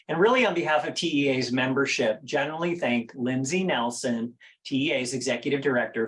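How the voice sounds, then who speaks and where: A man hosting an industry webinar, earnest and a little halting as he thanks people over a video call. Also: mid-range voice, rough recording. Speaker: webinar host.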